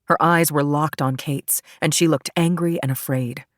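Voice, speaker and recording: A woman narrates a crime thriller audiobook in an even, steady way. Her voice is very low, and the recording is dry and close, with no room around it. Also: normal speed, dry recording. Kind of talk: scripted narration.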